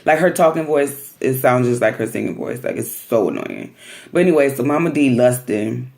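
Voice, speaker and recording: Gravelly-voiced woman gossiping through a recap. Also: very deep voice, moderate pace. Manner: animated, slangy, acting out quotes. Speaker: vlogger reviewing a reality TV episode. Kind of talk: casual recap with commentary.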